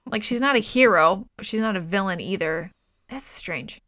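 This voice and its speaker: A woman's voice: mid-range voice, moderate pace, no echo, clean studio sound. Profane exasperated woman recapping a movie. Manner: profane, exasperated, animated retelling. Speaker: podcast co-host. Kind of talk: casual movie review chat.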